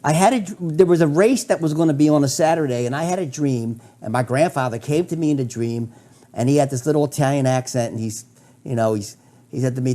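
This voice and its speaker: A man's voice: medium pitch, fast, mellow. Enthusiastic man telling a story. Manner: enthusiastic, stammering restarts. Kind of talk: storytelling in conversation.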